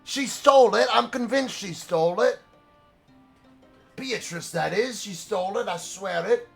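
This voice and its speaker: A man's voice: high voice, unhurried, creaky, a bit bright, husky, faint music behind, pitched above the performer's own voice, full character voice. A man voicing a cowardly, drunken male gambler who whines, stammers and begs. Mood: whining. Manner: whining, stammering, begging.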